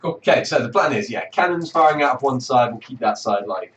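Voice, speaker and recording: A man's voice: mid-range voice, lively intonation, fairly quick, fairly bright tone, slight background noise. A man playing a tabletop game, decisively laying out the group's plan. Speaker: player. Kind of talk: casual tabletop game planning. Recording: roomy distant room recording.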